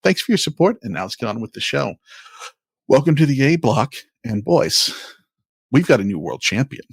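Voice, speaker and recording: A man's voice: medium pitch, very animated, normal speed, vocal fry, husky, no room sound. A man hosting a podcast, reading intros and promos in an upbeat, emphatic, announcer-style way on a close mic. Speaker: podcast host. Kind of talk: casual podcast chat and promo reads.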